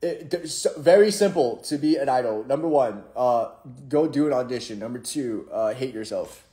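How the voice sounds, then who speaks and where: A man's voice: medium pitch, expressive, moderate pace, mellow. A young man hosting a casual live stream, reading viewer comments aloud and answering them in a playful, jokey, rambling way. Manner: playful, jokey, rambling with restarts and sudden mock-sad drops.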